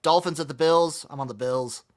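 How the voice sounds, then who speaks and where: A man co-hosting a podcast, briskly running through football matchups and picks in casual chat. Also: on the high side. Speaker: podcast co-host.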